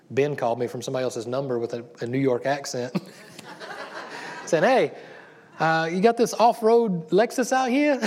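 A man's voice: medium pitch, darkish tone, a little hiss or hum. A middle-aged man preaching a sermon as a pastor, in a casual, chatty way with many restarts. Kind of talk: conversational sermon.

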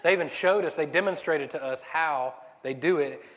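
Male preacher, casual sermon; rambling and joking, slightly high voice, long reverb of a big hall. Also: moderate pace, a bit bright. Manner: rambling, self-interrupting, joking.

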